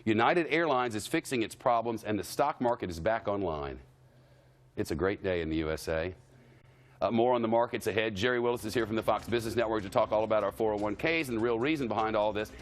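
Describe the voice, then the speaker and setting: A man's voice: lowish voice, fast talker. A man anchoring live cable news, talking in a wry, conversational way with jokey asides. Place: television studio.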